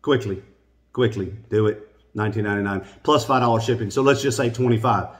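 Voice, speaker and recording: A man's voice: fairly low pitch, fast talker. A middle-aged man, hosting a casual unboxing video and chatting in a folksy, rambling way. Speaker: unboxing vlogger, host. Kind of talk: casual unboxing chat to viewers.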